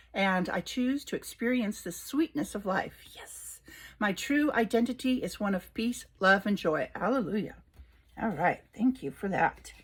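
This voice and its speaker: An older woman reading oracle cards aloud in a relaxed vlog, delighted and unhurried. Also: mid-range voice. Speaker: oracle card reader. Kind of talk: casual card reading vlog.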